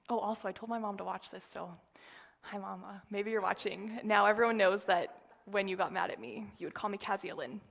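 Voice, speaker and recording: Speaking briskly in a gravelly, mid-range voice, a woman delivers a rambling, conversational sermon at church, packed with fillers and side comments. Any lines she quotes come out in a quiet whisper.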